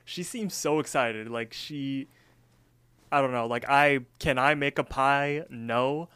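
A man's voice: medium pitch, takes it slowly, pushed and bright, clear, resonant tone, no room sound. A man co-hosting a podcast, casually recapping a cartoon episode in a rambling style full of fillers. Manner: rambling, filler-heavy storytelling. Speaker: podcast co-host.

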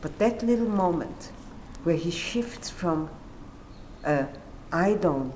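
A woman discussing literature in conversation, animated and acting out quoted dialogue. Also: lowish voice, slow pace, a little hiss or hum. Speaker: literature commentator. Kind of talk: conversational explanation.

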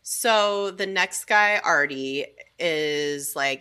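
A woman's voice: low voice, drawn-out words, bright, forceful tone, clear, resonant tone. A young woman co-hosting a podcast, casually retelling a story with crude asides and many fillers. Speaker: podcast co-host.

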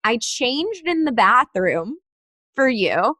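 A woman's voice: fairly high pitch, slow, dry recording. A young woman telling a dating story in casual chat, acting out the texts she got and sent. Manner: animated storyteller, acts out texts in quoted voices.

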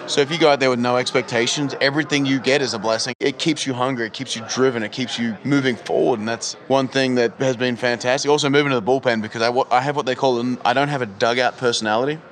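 Australian man, fast-talking, brash, joking, outspoken, casual interview. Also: mid-range voice, fairly even intonation, a bit bright. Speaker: professional baseball pitcher.

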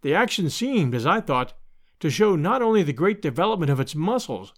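A male narrator reads an adventure novel aloud in scripted narration, measured yet expressive. His voice sits fairly high and moves with lively, wide-ranging intonation. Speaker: audiobook narrator.

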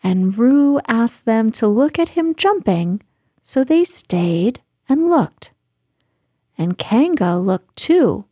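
Woman narrating a storybook, very slow, mellow, breathy, dry. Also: fairly high pitch, very animated, no room sound. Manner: gentle, unhurried. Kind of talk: storybook reading.

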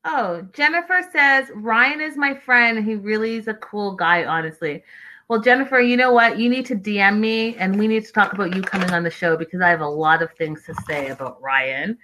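A woman host chatting on a casual livestream with a bright, forward voice. She talks to her viewers directly and reacts to their comments in an animated, gossipy way. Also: mid-range voice, moderate pace, a little hiss or hum, poor audio. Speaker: livestream host reading chat. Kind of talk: casual reality-show recap livestream.

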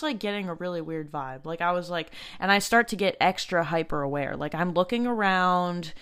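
A young woman hosting a podcast, telling a personal story in a casual, halting way, full of fillers and restarts. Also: fairly low pitch, expressive, a bit bright, clean tone. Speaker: podcast host.

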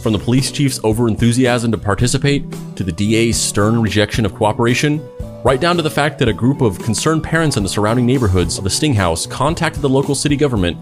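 A man hosting a podcast who gives wry, deliberate commentary and then reads scripted narration. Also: mid-range voice, expressive, over music.

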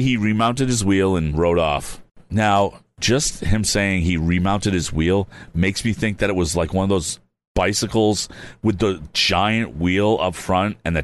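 A man reading an old adventure story aloud, stopping now and then for wry, chatty asides. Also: sits low. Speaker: reader. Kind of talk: casual storybook read-aloud.

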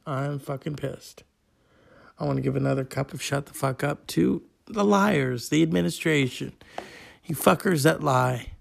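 A man hosting a podcast solo, rambling and swearing a lot, with plenty of fillers. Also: mid-range voice. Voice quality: gravelly. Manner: profane, rambling, with frequent fillers. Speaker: podcast host. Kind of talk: casual solo podcast monologue.

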